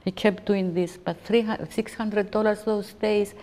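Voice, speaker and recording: A woman's voice: medium pitch, fairly even intonation, warm tone. A woman in her fifties tells her story in a documentary interview. She halts, restarts and presses on with emotion, her voice sitting in the middle range. A long reverb trails her words, as if she is recorded in a hall. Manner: halting, emotional retelling with frequent restarts. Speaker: interviewee recounting a personal ordeal.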